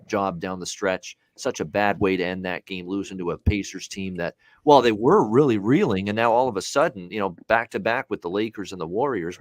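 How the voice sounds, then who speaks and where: A man's voice: low voice, dry recording. A man hosting a sports betting show in casual talk, blunt and full of "uh" fillers as he rattles off scores and lines.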